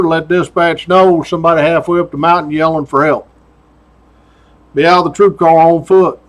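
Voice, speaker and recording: Folksy man spinning a yarn. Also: a little high. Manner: folksy drawl with "doggone" and chuckles. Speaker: retired state trooper storyteller. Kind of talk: casual spoken storytelling.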